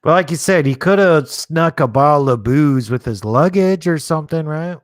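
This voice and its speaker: Here a streamer running a movie watchalong chats loosely about the film, musing out loud and leaning on lots of filler words. He speaks at a moderate pace in a fairly high, animated voice. There's no room sound, just a clean studio recording.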